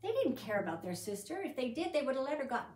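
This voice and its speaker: Speaking fast in a high voice, a female Bible teacher reads scripture aloud with lively emphasis and asks her group conversational questions. The room echoes, and she sounds far from the microphone.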